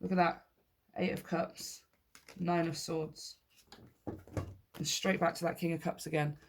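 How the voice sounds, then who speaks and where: A woman's voice: sits low, flat delivery, measured pace, a little hiss or hum. A woman giving a casual tarot reading to her viewers, upbeat and encouraging, often laughing and repeating key phrases for emphasis. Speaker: tarot reader.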